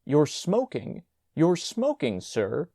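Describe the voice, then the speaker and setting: A man voicing a shrill, indignant, prim new schoolmaster who cries out in outrage, in an audiobook story. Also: wildly swooping pitch, slow pace, mellow, no echo, studio quality, exaggerated voice. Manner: outraged exclamations.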